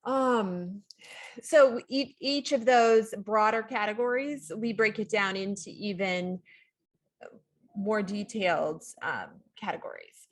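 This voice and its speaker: A woman co-hosting a wellness show, talking casually and haltingly with frequent pauses and restarts while sitting on a couch. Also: medium pitch. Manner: halting, many ums and restarts. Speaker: wellness coach, co-host. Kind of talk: casual coaching talk.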